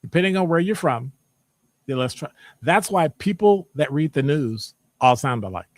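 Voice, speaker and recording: Animated Midwestern man hosting a live session. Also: a little high, moderate pace, no room sound. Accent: Midwestern American. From American Midwest. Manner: animated, jokey, teasing the audience. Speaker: presenter reading audience answers. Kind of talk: live-streamed lecture with chat.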